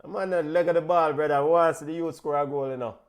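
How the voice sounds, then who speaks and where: A man with a Jamaican accent hosting a casual football watch-along, excitable and quick to shout out names and give big-ups. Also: on the high side. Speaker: football show host.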